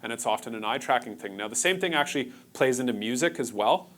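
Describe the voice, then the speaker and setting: A man's voice: mid-range voice, animated, fast, a bit bright. Casual man giving a conference workshop. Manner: casual, engaging, jokes with the audience. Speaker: optometrist presenting a workshop. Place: conference room with live audience.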